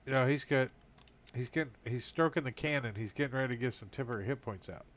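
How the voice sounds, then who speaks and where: A man's voice: medium pitch, fast talker, fairly bright tone, lo-fi sound. A man playing a tabletop game, joking around and thinking aloud. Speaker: player. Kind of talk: casual tabletop play.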